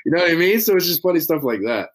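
A young man from a small Ohio town, guesting on a podcast, tells rambling, filler-heavy stories in casual chat. His voice is a little high with big pitch swings, and he talks at a racing pace.

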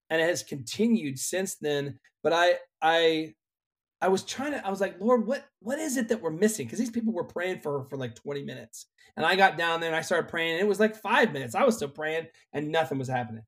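Earnest worship leader, man, slightly high voice. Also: moderate pace. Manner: earnest, animated testimony. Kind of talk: conversational storytelling on a podcast.

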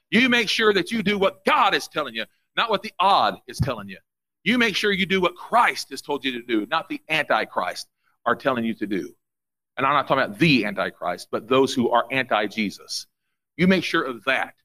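Midwestern US man preaching, high and animated, with a lively, swinging delivery. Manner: fervent, repetitive preaching with sudden asides. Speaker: pastor. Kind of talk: sermon.

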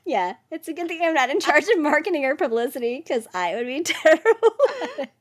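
A woman's voice: sits high, sing-song, a little fast. A woman co-hosting a casual chat, self-deprecating and often laughing as she acts out bits of dialogue. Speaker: podcast co-host and author.

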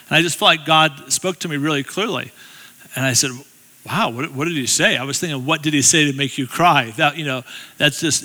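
A middle-aged man tells stories from the pulpit in a very bright, cutting voice that sits a bit high for a man. He talks in a loose, chatty way and drops in self-deprecating asides to the crowd. His voice rings out with a long reverb through a big church hall. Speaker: guest speaker. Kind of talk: storytelling sermon.

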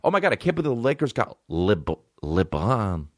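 A man's voice: mid-range voice, big pitch swings, fast talker, no room sound, studio quality. A young adult man hosting a comedy podcast, riffing in a profane, ranting monologue.

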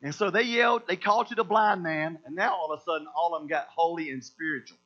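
A man preaching a sermon as pastor, energetic and slangy, acting out the people in the stories he tells. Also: a little high, fast talker. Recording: dull lo-fi sound with mains hum.

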